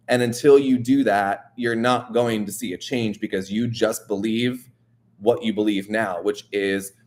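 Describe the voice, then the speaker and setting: A man of ordinary pitch hosts a wellness show and talks straight to the listener. His delivery is earnest and coaching, and he keeps checking in with a quick "right?". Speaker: wellness podcast host. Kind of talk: motivational casual talk.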